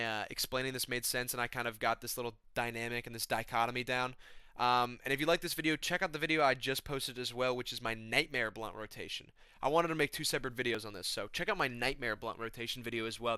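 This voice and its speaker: Bright, clear young man chatting with slang. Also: medium pitch, quick pace, no room sound, clean studio sound. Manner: loose, slangy, says "bro" and "man". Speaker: YouTuber, MMA commentator. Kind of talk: casual comedic vlog storytelling.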